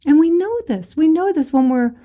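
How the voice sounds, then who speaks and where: A woman giving a spiritual talk as a meditation teacher, telling a parable in a gentle, meandering way with fillers. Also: high voice, lively intonation, normal speed, highs cut off. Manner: gentle storytelling with fillers and restarts.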